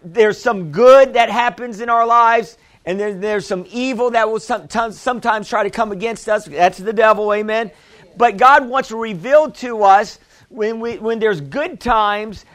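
Guy pastor w a high voice preaching, keeps asking for amens, repeats himself a lot. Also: fairly bright tone. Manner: repeats and restarts phrases for emphasis. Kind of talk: sermon.

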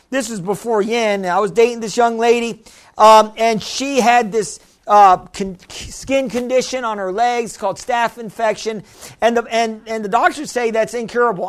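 A middle-aged pastor with a very high voice preaches a sermon, telling stories quietly before building up to shouted, excited exclamations.

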